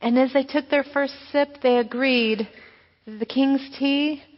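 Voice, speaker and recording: A woman pastor reading a children's story aloud with expressive storytelling. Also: sits high, measured pace. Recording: echoey hall, dull lo-fi sound.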